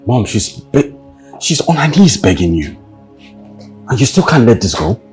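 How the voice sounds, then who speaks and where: A man's voice: mid-range voice, sing-song, a little slow, darkish tone, faint music behind. An actor playing a young husband caught between his wife and mother, pleading and conciliatory, with a Nigerian English accent. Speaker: husband and son.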